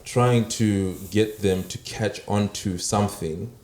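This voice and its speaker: A man telling his story in a relaxed, casual way, with frequent soft fillers. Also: fairly low pitch, slow pace. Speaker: podcast guest. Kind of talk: casual conversation. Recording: echoey room with background noise.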